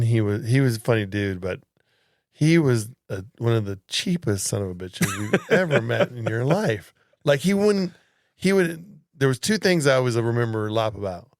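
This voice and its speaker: A man's voice: medium pitch, unhurried, no echo, clean studio sound. A man co-hosting a casual podcast chat, adding comments and short agreements. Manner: relaxed, chiming in with short agreements. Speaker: podcast co-host.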